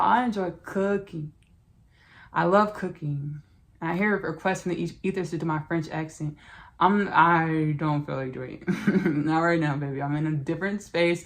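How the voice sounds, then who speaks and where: Black podcast lady, low gravelly voice, loose rambly spiritual chat. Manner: relaxed, rambling, spiritual talk with restarts. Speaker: podcast host. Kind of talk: casual podcast intro and self-promotion.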